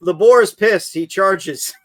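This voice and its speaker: A man's voice: high-pitched, measured pace, fairly bright tone, no room sound. A man running a tabletop game as game master, narrating with many fillers and laughs.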